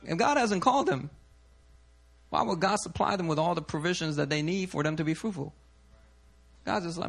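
A male pastor giving a sermon in an animated, conversational way, full of slang and asides to the congregation. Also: on the high side, a little fast, vocal fry, long pauses.

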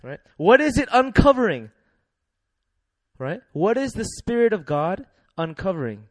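A young man preaching a sermon in a lively, laughing way, leading the congregation in call-and-response. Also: sits high, unhurried, dry recording.

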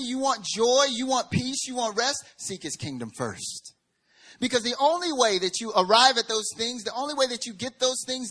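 Male pastor, fairly high voice, animated sermon delivery with big dynamic swings. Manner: animated storytelling, swings from hushed to loud. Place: church service.

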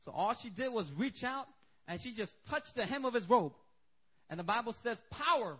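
A man preaching at a church service, his voice sitting fairly high. He tells stories with lively humor and an easygoing, animated delivery. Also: moderate pace, slightly rough. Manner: animated, joking storytelling. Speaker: pastor. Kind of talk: sermon.

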